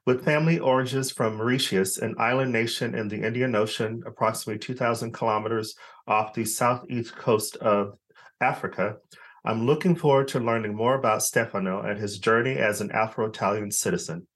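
A man hosting a podcast, reading a scripted welcome and then asking his guest questions in a relaxed way with easy laughter. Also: mid-range voice, fairly quick. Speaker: podcast host. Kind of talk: podcast interview.

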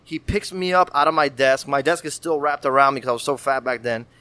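A man in his thirties telling a story in casual chat, animated and profane, acting out voices. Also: mid-range voice, fairly quick, smooth. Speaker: podcast guest.

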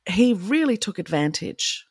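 A woman's voice: medium pitch, big pitch swings, a little slow, a little mellow, slightly rough, dry recording, studio quality. A woman in her forties co-hosting a casual chat, candid and impassioned, laughing often. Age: 40s. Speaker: podcast co-host.

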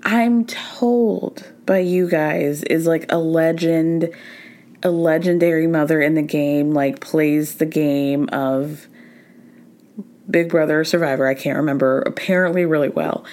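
A young adult woman hosting a podcast, recapping reality TV in a chatty, sarcastic and animated way. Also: low voice, unhurried. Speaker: podcast host. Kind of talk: casual pop culture recap.

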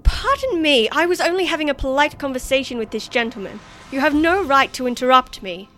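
A woman's voice: medium pitch, fairly even intonation, normal speed, fairly bright tone, faint music behind, natural voice. Haughty, defiant young lady with an imperious tone, voiced by a woman narrator. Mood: indignant. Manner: indignant, imperious.

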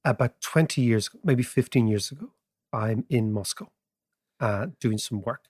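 A man, co-hosting a podcast, telling stories and explaining economics in an animated way, laughing as he goes. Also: mid-range voice, a little slow, husky. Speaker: podcast co-host. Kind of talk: casual storytelling and economics chat.

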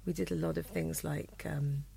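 A Welsh woman in her thirties, a guest telling rambling stories with frequent laughter. Her voice has a gravelly, fried edge. She often trails off and restarts mid-thought. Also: low voice, steady tone, normal speed, warm tone, a little hiss or hum. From Wales. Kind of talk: casual chat.

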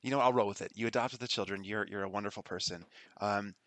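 A man's voice: fairly low pitch, fast, a bit bright, dry recording. A man narrating a tabletop game as game master, rambling and laughing as he goes. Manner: rambling, laughing, self-correcting.

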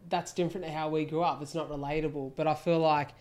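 A man's voice: on the high side, level tone, quick pace, darkish tone. A man hosting a podcast, chatting casually and enthusiastically with his guest, with the odd swear word. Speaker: podcast host. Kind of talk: casual interview chat.

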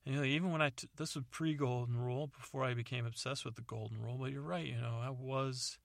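A man's voice: mid-range voice, steady tone, fast, gravelly, no echo, studio quality, lightly acted. A man voicing an earnest grown son apologizing to his parents.

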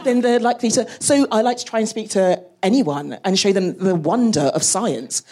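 A woman's voice: mid-range voice, moderate pace, warm tone. A woman, a space scientist on a live panel, chatty and often laughing between phrases. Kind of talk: live podcast panel chat.

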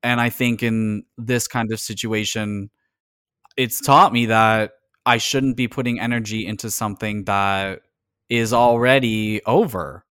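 Man from Canada, lowish voice, earnest and reflective, casual chat, dry close sound. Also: steady tone, unhurried, a bit bright, smooth, dry recording. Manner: earnest, reflective, speaks openly about personal experience. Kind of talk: casual conversation.

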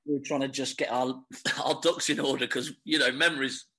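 A man's voice: mid-range voice, steady tone, a little fast, pushed and bright, husky. A man, a former footballer, chatting casually as an interview guest, laughing and restarting phrases as he tells stories.

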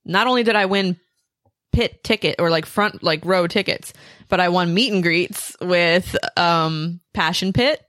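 A woman's voice: fairly low pitch, unhurried, a bit bright, dry recording, clean studio sound. A young adult woman chatting casually as a podcast guest, telling stories with lots of fillers. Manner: chatty storyteller, filler-heavy, laughs often. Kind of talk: casual chat.

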